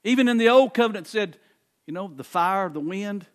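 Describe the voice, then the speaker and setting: A man preaching from the pulpit, his voice sitting high for a man. He leans hard on repeated phrases and swings from hushed asides up to ringing declarations. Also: animated, moderate pace. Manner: emphatic preaching, repeats phrases, swings between quiet and loud. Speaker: pastor. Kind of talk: sermon.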